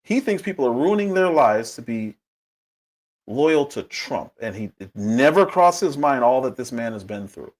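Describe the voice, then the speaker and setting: Animated husky male commentator. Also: normal speed. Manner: animated, emphatic, with big pitch swings. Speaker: livestream commentary host. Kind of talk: political commentary livestream.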